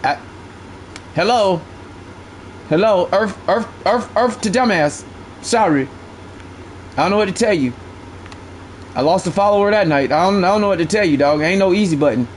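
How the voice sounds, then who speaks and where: High-pitched male game streamer, casual, profane, animated storyteller. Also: a little fast, pauses often, a little hiss or hum. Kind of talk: casual live-stream chat.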